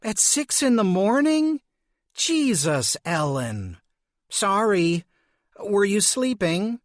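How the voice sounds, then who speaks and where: A man voicing a short-tempered young mother who snaps and grumbles, her voice raised and pitched up. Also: very animated, slow pace, no echo, clean studio sound, exaggerated voice. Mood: irritated. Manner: harsh, snappish, grumbling.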